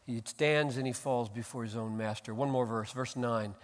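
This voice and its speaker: A middle-aged man preaching a sermon as pastor, building from calm explanation to loud, emphatic peaks. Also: mid-range voice, moderate pace, few pauses, big-room sound. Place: church.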